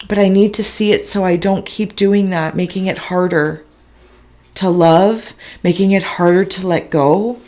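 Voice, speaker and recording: Woman drifting thru a spiritual reading, slow and halting, kinda low voice, soft and emotional. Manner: slow, dreamy, halting, describing visions. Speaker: intuitive reader.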